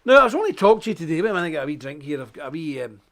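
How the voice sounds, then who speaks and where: A man hosting a live stream, preaching casually in a jokey, animated way, with loud emphasis and quiet asides. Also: fairly high pitch, racing.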